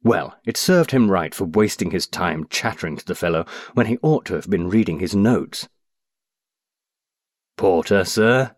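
This is an audiobook narrated by a man whose voice is very low and slightly rough. He reads expressively and steadily, with lively pitch movement, in a close, dry recording free of echo.

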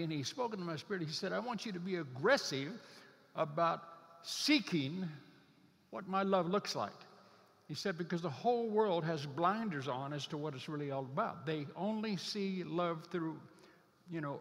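A man preaching a sermon as a pastor, earnest, slowing down and stretching key scripture words to drive them home. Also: fairly high pitch, in a large hall.

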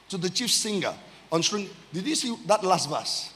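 High-voiced preaching pastor in reverberant church. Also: male voice, very animated, normal speed. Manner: rising to loud emphatic calls, drawing out key phrases; call-and-response with the congregation. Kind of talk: sermon.

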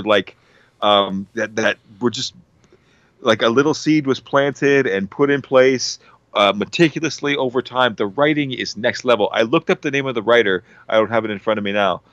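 A man's voice: medium pitch, fairly bright tone, no echo, dull audio. A man on a casual podcast, rambling enthusiastically about a TV series with lots of fillers and restarts. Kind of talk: casual show recommendation.

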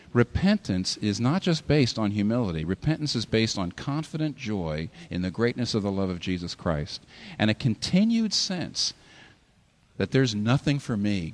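A pastor preaching a sermon in a hall, with animated delivery that rises and falls sharply for emphasis. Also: male voice, mid-range voice.

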